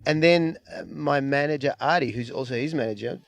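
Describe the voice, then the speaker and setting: A middle-aged man, a comedian telling stories in a casual chat, animated and self-mocking, acting out the people he quotes. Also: mid-range voice, a little fast, vocal fry, no room sound. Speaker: comedian guest.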